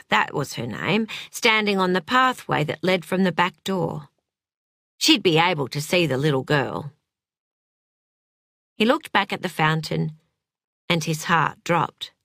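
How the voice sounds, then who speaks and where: A woman narrating a novel with an expressive, dramatic delivery. Her voice is bright and forceful, and she reads at an unhurried pace. The close studio recording is completely dry. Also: medium pitch, no echo. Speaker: audiobook narrator. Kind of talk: scripted narration.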